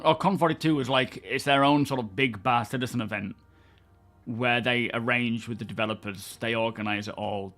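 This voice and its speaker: A talkative man from England hosts a relaxed live stream in a mid-pitched voice. He chats freely, greets viewers by name and laughs easily between points. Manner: chatty, answers chat viewers by name, laughs often. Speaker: livestream host. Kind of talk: casual live-stream chat.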